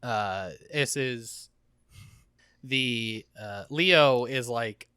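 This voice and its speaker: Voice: mid-range voice, very slow, bright, forceful tone, smooth, dry recording, clean studio sound. A podcast co-host recapping a game in casual chat, sarcastic and wry.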